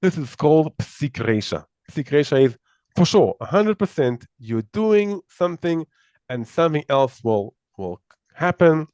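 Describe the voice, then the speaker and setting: A man's voice: on the high side, sing-song, a little slow, a little mellow, dry recording, dull audio. A man teaching a live class, explaining step by step, often repeating words and restarting sentences. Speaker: Torah teacher.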